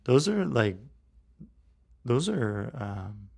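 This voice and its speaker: Man, podcast co-host, gravelly, slow-talking, low voice, casual reflective chat, frequent restarts. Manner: thinks aloud with many restarts and fillers, animated when acting out quotes. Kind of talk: casual faith discussion.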